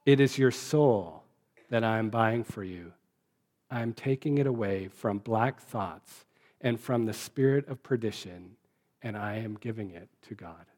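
A man's voice: mid-range voice, moderate pace, a little mellow, lightly acted. A man voicing a kindly old male bishop who speaks solemnly, stressing every word. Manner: solemn, emphasizing each word.

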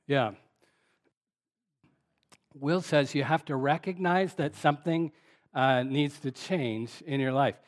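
A man's voice: medium pitch, slow pace, pauses often. A male pastor giving an interactive sermon, repeating the congregation's answers and talking conversationally with frequent fillers. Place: church sanctuary.

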